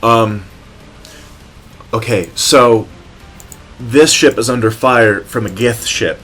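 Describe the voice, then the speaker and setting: A man's voice: medium pitch, takes it slowly, a bit bright, faint music behind. A man playing a tabletop game, speaking casually and hesitantly, often asking questions. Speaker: player.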